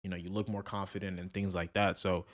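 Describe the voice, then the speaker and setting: A young man co-hosting a podcast, talking in an animated, chatty way with many fillers. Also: low-pitched, fast talker. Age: young adult. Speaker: podcast co-host. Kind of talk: casual chat.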